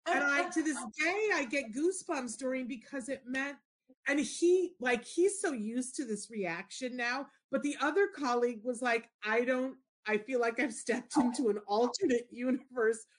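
A middle-aged woman hosting a show, telling a story in casual chat and acting out the people in it. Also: moderate pace. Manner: expressive, shifts into high excited squeals when retelling. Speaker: show host.

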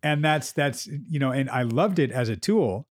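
A man's voice: medium pitch, lively intonation, moderate pace, no room sound. Candid swearing male therapist, dry sound. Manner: candid, swears freely, acts out client quotes. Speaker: therapist and podcast co-host. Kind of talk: casual podcast chat.

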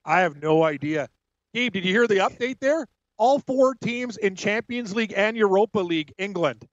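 Sports radio guy, high voice, quick jokey updates, dry dull studio sound. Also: animated, no room sound. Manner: brisk, jokey, laughs often.

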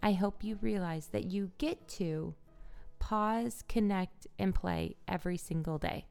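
Woman podcast host, unhurried and warm-hearted pep talk, slightly low, creaky voice. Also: faint music behind. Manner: slow, gentle and encouraging. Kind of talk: calm self-care pep talk.

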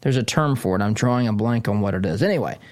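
A man's voice: lowish voice, lively intonation, quick pace, darkish tone, dry recording, clean studio sound. A man hosting a political commentary show from a desk, talking in a casual, digressive way with frequent restarts. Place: studio desk.

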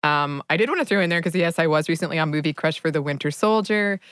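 Low-voiced woman podcast co-host, dry sound. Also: animated, fast, fairly bright tone, clean tone, no echo. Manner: enthusiastic fan, laughs often. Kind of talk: casual chat.

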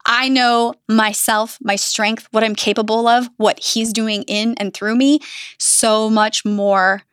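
A woman's voice: fairly high pitch, little pitch movement, slow, clean tone, dry recording, studio quality. Woman podcast host, affirming and reflective. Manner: warm affirming listener, reflective. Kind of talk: faith podcast interview.

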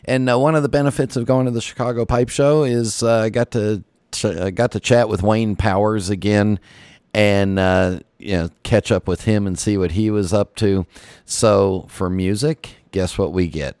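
A man with a gravelly voice hosting a radio show, chatting casually and chuckling easily. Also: on the low side, fairly even intonation, normal speed, a little mellow, dry recording, clean studio sound. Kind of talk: casual interview chat.

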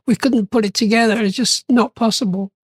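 Older man spinning animated tales, dry sound. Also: high voice, brisk, breathy edge, dry recording. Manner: animated, acts out quoted voices, laughs often. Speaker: interview guest. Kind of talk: storytelling interview.

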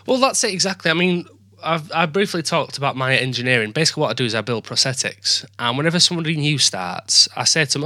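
A man with a northern English accent, hosting a relaxed casual interview and explaining things patiently. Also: medium pitch, fast talker, no room sound, clean studio sound. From northern England. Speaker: podcast host.

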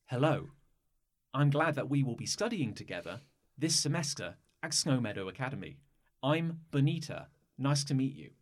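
A man voicing a sweet schoolgirl from a dating game, polite and fragile. Her pitch moves a lot, and she wounds easily. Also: sing-song, moderate pace.

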